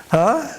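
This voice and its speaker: A man's voice: very high voice, breathy edge. A man teaching a workshop on devotion, with chuckling asides and frequent rhetorical "huh?" as he tells stories. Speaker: spiritual teacher.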